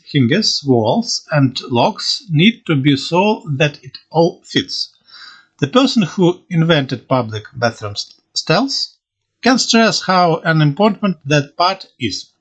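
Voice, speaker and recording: A man hosting a joke podcast, reading one-liners in a slow deadpan way with occasional slips and restarts. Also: high voice.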